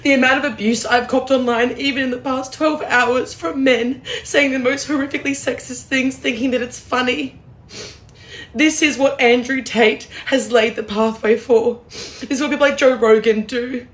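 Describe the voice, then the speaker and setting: A woman's voice: high voice, steady tone, moderate pace. A woman from Australia with an Australian accent, speaking earnestly and indignantly to camera. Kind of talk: angry monologue to camera.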